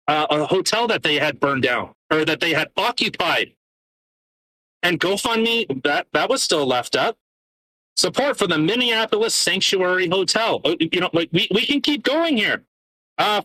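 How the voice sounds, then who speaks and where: Sarcastic, swearing man, bright voice. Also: sits high, dry recording, low-quality recording. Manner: sarcastic, swears often, reads charges aloud haltingly. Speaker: podcast co-host. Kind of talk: casual podcast rant.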